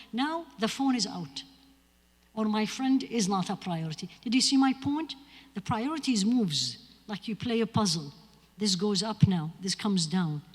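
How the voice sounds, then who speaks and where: A woman with a giving an earnest, emphatic lecture on spirituality in a mosque, talking straight to her audience. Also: medium pitch. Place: mosque hall. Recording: husky voice in a reverberant hall.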